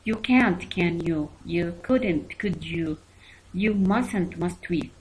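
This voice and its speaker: A woman's voice: fairly low pitch, animated, slow pace, darkish tone, slight background noise, low-quality recording. Woman teacher going through english grammar examples, voice rises and falls a lot, repeats stuff for emphasis. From Arab world. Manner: reads examples aloud and repeats them for emphasis. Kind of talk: recorded grammar lesson.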